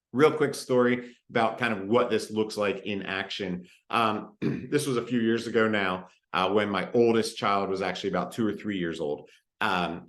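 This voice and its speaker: A man in his thirties giving a parenting talk, relaxed and conversational with frequent fillers. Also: on the low side, roomy sound. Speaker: parenting presenter. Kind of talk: recorded parenting talk with personal story.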